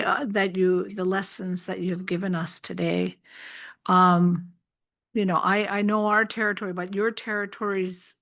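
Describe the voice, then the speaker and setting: A woman giving reflective closing words, soft-spoken and hesitant, pausing often. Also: on the low side, vocal fry.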